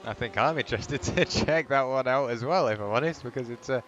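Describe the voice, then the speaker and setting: A man commentating a sim race live, rambling and lively, building excitement at the finish. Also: medium pitch, brisk, highs cut off, noisy background.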